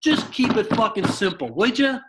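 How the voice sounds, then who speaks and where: A man voicing an exasperated, profane older baseball manager who lectures gruffly. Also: high voice, very animated, rapid-fire, heavy background noise, voice pushed up.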